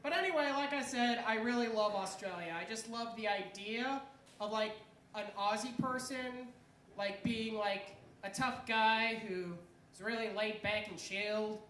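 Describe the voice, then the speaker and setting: A comedian doing an animated stand-up set at an open mic, acting out voices as she goes. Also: mid-range voice. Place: club stage at open mic. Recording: echoey club room, faint noise.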